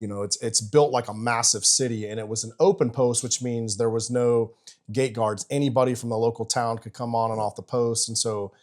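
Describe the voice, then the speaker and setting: A man's voice: medium pitch, steady tone, brisk. A man hosting a podcast, easygoing, filling in background for the listeners. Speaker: podcast host. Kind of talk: casual interview chat.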